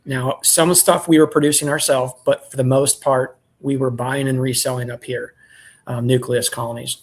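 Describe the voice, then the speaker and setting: A man who keeps bees, telling a story in relaxed, rambling chat and clearing his throat often. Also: mid-range voice, moderate pace. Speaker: beekeeper selling nucleus colonies.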